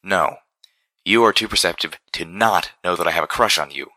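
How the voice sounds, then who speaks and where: A man voicing a small young female unicorn who speaks in a cold, clipped, sharp way, in an audiobook. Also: deep voice, moderate pace, dry recording. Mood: cold fury.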